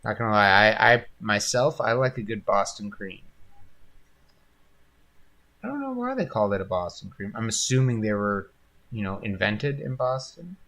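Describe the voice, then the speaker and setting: A man's voice: fairly low pitch, big pitch swings, moderate pace, fairly bright tone. A man hosting a painting livestream, chatting casually and rambling, with frequent laughs. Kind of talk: casual chat while painting.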